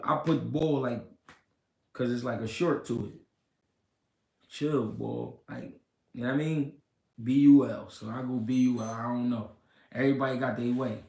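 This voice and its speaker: A man hosting a casual livestream, reading comments and talking slow and deliberate, repeating himself and swearing. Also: mid-range voice, fairly even intonation, vocal fry, dark tone. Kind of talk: casual livestream talk about boxing. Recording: roomy echo.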